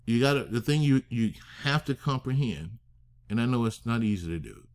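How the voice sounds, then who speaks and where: A man teaching a masterclass on structuring deals, emphatic, asking rhetorical questions and slowing down to stress key phrases. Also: medium pitch, a little mellow. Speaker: real estate finance instructor.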